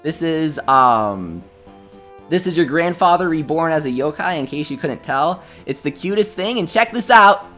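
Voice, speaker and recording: Excitable young man streaming a game. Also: on the high side, moderate pace, soft background music. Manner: excitable, reads chat and donations aloud. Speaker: gaming livestreamer. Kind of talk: casual livestream commentary.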